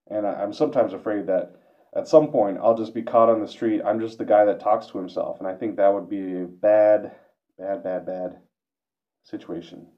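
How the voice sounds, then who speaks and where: A man's voice: on the low side, fairly even intonation, moderate pace. A man vlogging a reflective monologue, hesitant and self-questioning, with frequent restarts. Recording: dull lo-fi recording.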